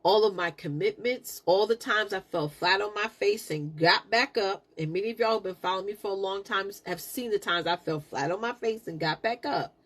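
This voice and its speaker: Brief: middle-aged woman, host on a live stream, lively and preachy storytelling, even pitch. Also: moderate pace, hardly any pauses. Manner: animated, preachy, laughs a lot.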